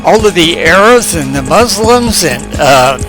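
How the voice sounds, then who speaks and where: A man giving a slow, hesitant spoken introduction with fillers. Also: a little high, lively intonation, poor audio. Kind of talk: spoken introduction over music. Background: clear background music.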